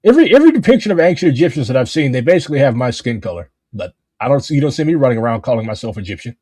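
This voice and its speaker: A man's voice: mid-range voice, big pitch swings, rapid-fire, mellow, slightly rough, dry recording. A man hosting a casual political chat, talking in a rambling, profane way with lots of fillers.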